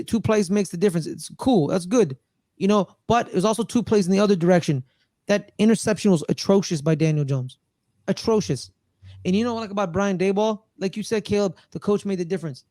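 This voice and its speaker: A man co-hosting a casual sports podcast, rambling and excitable, often repeating himself. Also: sits high, no echo. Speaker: podcast co-host.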